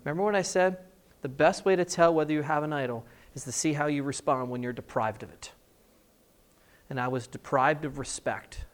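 A male preacher telling a personal story in a sermon, animated, with emphatic repetition. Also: on the high side, a little fast.

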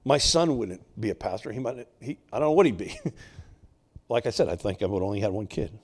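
Animated older male pastor preaching. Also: on the low side, a little fast, breathy edge. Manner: animated, swinging between loud emphatic bursts and quiet asides. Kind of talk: sermon with personal storytelling.

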